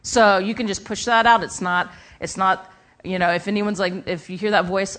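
A woman preaching in a lively, conversational way. She tells a personal story and voices her own back-and-forth thoughts. She addresses a live gathering directly. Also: mid-range voice, moderate pace. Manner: animated and conversational, acts out inner dialogue. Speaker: speaker at a church gathering.

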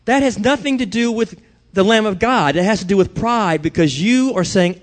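Man, high voice, middle-aged pastor, sermon, conversational, emphatic bursts. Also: normal speed. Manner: conversational, rising to emphatic declarations.

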